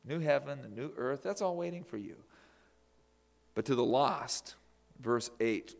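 A man preaching a sermon, emphatic, swinging from loud declarations to near whispers. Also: mid-range voice, normal speed, creaky.

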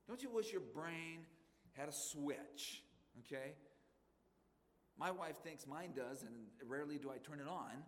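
A man's voice: fairly high pitch, unhurried, long reverb tail. A middle-aged man preaching a sermon in a church, chatty and folksy, speaking straight to the congregation. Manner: folksy, conversational, addresses congregation directly. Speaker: pastor. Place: church sanctuary.

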